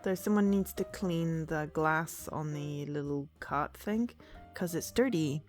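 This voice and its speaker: A woman's voice: low voice, measured pace, soft background music. A young woman streaming a puzzle game, chatting casually and thinking aloud about where to go next. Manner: chatty, self-deprecating, thinks aloud while playing. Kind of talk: casual gameplay co-stream chat.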